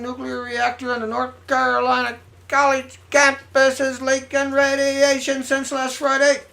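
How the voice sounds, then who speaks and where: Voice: high-pitched, pushed and bright. A video blogger reading out news headlines in a rambling, sarcastic way, muttering asides to themself.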